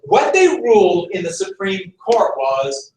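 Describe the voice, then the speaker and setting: A man's voice: high-pitched, big pitch swings, a little slow, a little mellow, slight background noise. A man teaching a class, making his points emphatically and repeating them. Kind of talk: classroom lecture. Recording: echoey room, mic far off.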